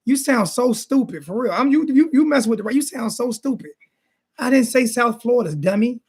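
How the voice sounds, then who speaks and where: A man's voice: very high-pitched, animated, brisk, darkish tone, husky. A man hosting a sports talk show, ranting in a heated, repetitive way and throwing insults. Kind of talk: heated casual sports rant.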